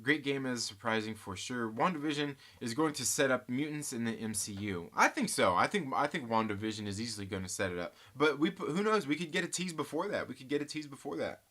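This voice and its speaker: A man with a bright, forceful voice at a middle pitch hosts a casual live stream. He reads viewer comments aloud and rambles through his thoughts, often restarting his sentences. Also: animated, fast talker, hardly any pauses. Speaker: host of a live movie chat stream.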